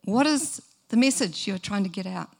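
A woman's voice: mid-range voice, expressive, normal speed, creaky. A middle-aged woman, giving a sermon in an earnest, conversational way and asking the listeners questions. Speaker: preacher.

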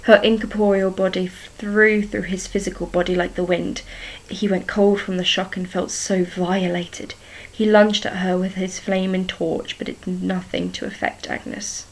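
A woman reading a story chapter aloud, steady and even, with a few small restarts. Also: mid-range voice, moderate pace, hardly any pauses, poor audio.

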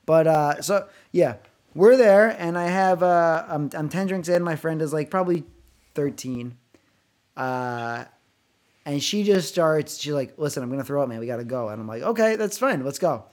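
A man's voice: a little high, measured pace. A man co-hosting a podcast, telling a long, rambling, profanity-laced story in casual chat. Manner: animated, swearing, rambling anecdotes. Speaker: podcast co-host.

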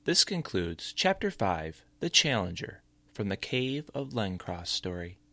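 Give me a man reading a podcast outro, measured, lively pitch, dry sound. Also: dry recording. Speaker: podcast host. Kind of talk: scripted outro.

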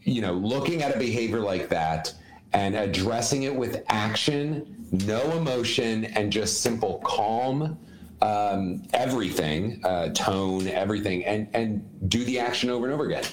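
A man's voice: lowish voice, normal speed, reverberant, slight background noise, low-quality recording. A man co-hosting a casual podcast chat, earnestly explaining parenting advice as an educator and repeating points for emphasis.

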